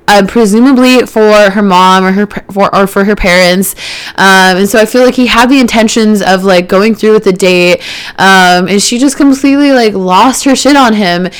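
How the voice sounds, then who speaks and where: A young woman in her early twenties talks through her week on her own podcast. Her voice is smooth and clear, and she rambles casually with lots of filler words. She turns animated when she recounts drama. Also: medium pitch, moderate pace. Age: early 20s. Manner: chatty, heavy on fillers, gets animated retelling drama. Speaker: podcast host. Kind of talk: casual solo podcast chat.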